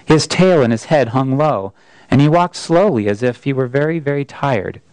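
A man preaching a Sunday sermon who reads a story aloud in an expressive, emphatic way. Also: medium pitch, normal speed, clear, resonant tone, no room sound, low-quality recording. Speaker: pastor.

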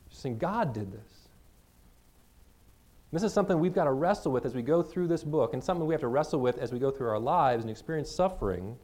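Mellow-voiced man preaching through scripture. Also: medium pitch. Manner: reads scripture slowly, then explains in plain conversational words. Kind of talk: expository sermon.

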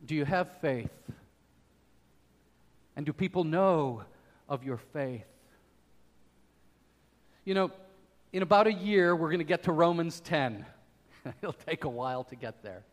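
A man preaching a sermon as pastor, emphatic, swinging from loud declarations to quiet asides. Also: on the high side, expressive, unhurried, pauses often, in a large hall.

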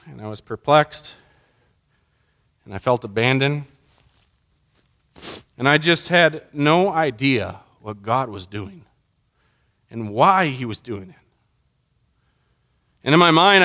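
A middle-aged man delivers a sermon as a pastor, telling a personal story with deep feeling. His voice sits a little high and rings bright and forceful. At its peaks he turns to urgent, impassioned pleading. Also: expressive, measured pace, pauses often.

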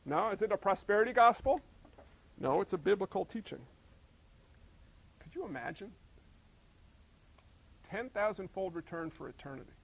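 A male pastor preaching a sermon, full of rhetorical questions and swinging between emphatic and hushed delivery. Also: high voice, vocal fry, poor audio.

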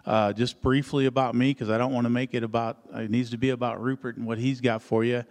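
A man, an associate pastor, introducing a guest preacher with halting, earnest words. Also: medium pitch, level tone. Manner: halting, filler-heavy, earnest. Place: church hall. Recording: echoey church hall.

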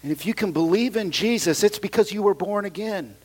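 A middle-aged male pastor preaching with a fairly high, light voice. He swings between booming passages and hushed asides, with casual slang and frequent hallelujahs. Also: a little fast, breathy edge. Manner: animated preaching, swings from loud to quiet asides. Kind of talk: sermon.

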